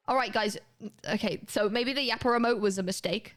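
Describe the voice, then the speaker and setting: A woman's voice: on the high side, fairly quick, a bit bright. A young woman, chatting casually and swearing now and then while livestreaming a video game to her chat. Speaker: live streamer.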